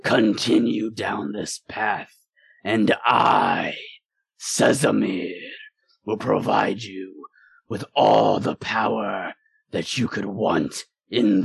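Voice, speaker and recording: Man voicing a towering evil demon, deep and booming, slow menacing commands, low-pitched and loud, tabletop game villain. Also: gravelly, slightly rough, dry recording, exaggerated voice.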